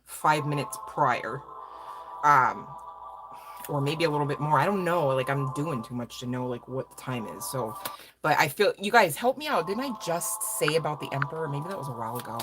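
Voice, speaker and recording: A woman's voice: sits low, expressive, normal speed, noisy background. A woman giving a casual live tarot reading, rambling and swearing freely with laughing asides. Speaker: tarot reader.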